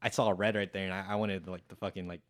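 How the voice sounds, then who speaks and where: Young man, podcast guest, slightly low voice, dry sound, rambling, profane, acts out quotes. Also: flat delivery, fast talker, no echo. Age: young adult. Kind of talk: casual storytelling.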